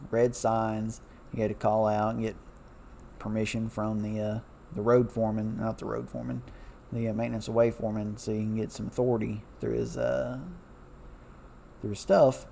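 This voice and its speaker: A man's voice: medium pitch, gravelly, mellow, slight background noise. A man and former railroad worker talking loosely and chattily, correcting himself as he goes. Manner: loose and chatty, many fillers, self-correcting. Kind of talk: casual rambling talk over a map.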